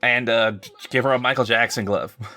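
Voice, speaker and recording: A man's voice: mid-range voice, fairly even intonation, brisk, pushed and bright, faint music behind. A man co-hosting a Let's Play, joking and sharing fan trivia in casual chat.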